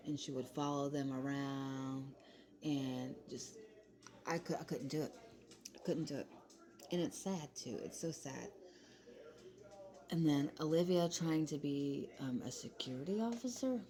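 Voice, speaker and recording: A woman's voice: extremely low pitch, dark tone. A young woman, chatting casually in commentary and laughing often as she talks. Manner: chatty, laughs often, Southern-style "y'all". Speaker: commentary vlogger.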